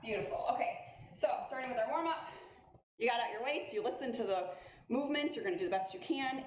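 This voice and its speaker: A woman's voice: medium pitch, a little mellow, distant mic. An upbeat woman fitness instructor calls out exercise moves and cheers on her class, laughing now and then. Her voice sits in a very echoey room, some way back from the mic. A faint hiss of room noise runs underneath. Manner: upbeat coaching, calling out moves, frequent laughs. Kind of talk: live online workout class.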